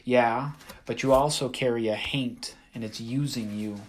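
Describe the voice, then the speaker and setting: A man's voice: medium pitch, fairly even intonation, a little slow, lightly acted. A man voicing a young boy who is frightened but pushes on with determination. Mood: urgent.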